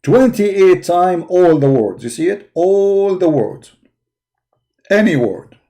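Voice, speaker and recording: This man's high-pitched, dark voice has a sing-song quality and a slow pace. Hosting a live call-in debate stream, he searches a website while tiredly mocking and insulting his opponents through emphatic repetition.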